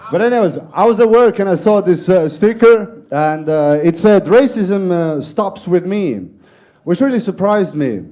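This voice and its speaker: A young man from Estonia with an Estonian accent doing a self-mocking, deadpan stand-up set at a comedy club. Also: high-pitched, normal speed. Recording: live comedy club room.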